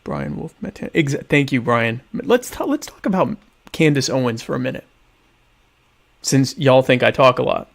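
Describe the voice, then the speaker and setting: A man's voice: mid-range voice, animated, normal speed, creaky. A man hosting a casual solo livestream from home, rambling sarcastically and eating dinner while he talks. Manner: sarcastic, rambling, mock-grandiose. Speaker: podcast host. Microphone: webcam stream setup.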